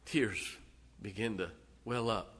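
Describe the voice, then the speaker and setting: A male preacher delivering a sermon, retelling a story dramatically with sudden loud swells and hushed drops. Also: on the low side, slow, husky.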